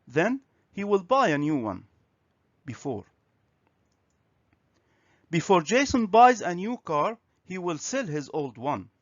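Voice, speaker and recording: Slow, lively-voiced male English teacher. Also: high voice, dry recording. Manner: slow, clear, instructive. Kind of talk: video grammar lesson. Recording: dry, slightly dull recording.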